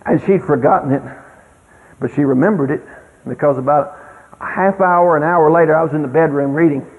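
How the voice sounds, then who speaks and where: A high, animated older man tells homespun stories in a folksy way, punching points with sudden loud exclamations. His voice comes through a tinny, phone-like radio broadcast with a long hall reverb. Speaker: speaker on child rearing. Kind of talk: storytelling talk.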